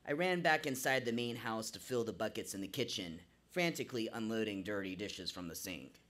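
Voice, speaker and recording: A man tells a true story live on a small stage, his voice bright and forceful. He narrates vividly with a theatrical flair, leaning into each scene. It comes through a stage microphone. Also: lowish voice, lively intonation, brisk.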